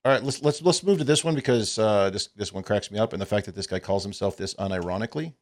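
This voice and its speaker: A man's voice: on the low side, quick pace. A man co-hosting a podcast, casually chatting and explaining as he reacts to a news clip. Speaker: podcast co-host.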